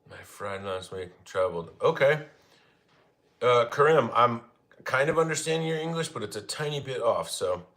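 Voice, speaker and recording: A man's voice: medium pitch, expressive, normal speed, a bit bright. Young male streamer, casual and jokey, talks to chat while cooking at home. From Arizona, United States. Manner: joking, chatty, laughs often. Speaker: livestream cooking host. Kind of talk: casual live chat reading comments. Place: home kitchen.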